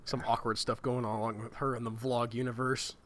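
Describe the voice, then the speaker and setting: A man's voice: mid-range voice, normal speed, a little hiss or hum. A man chatting casually and joking while he plays a tabletop story game with friends. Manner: jokey, animated. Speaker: tabletop game player and show regular. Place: living in the Southern US.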